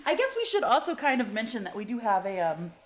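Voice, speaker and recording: A woman co-hosting a casual podcast with a lively voice that swoops up and down. She is playful and keeps chiming in with quick asides and questions. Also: fairly high pitch. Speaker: podcast co-host. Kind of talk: casual chat.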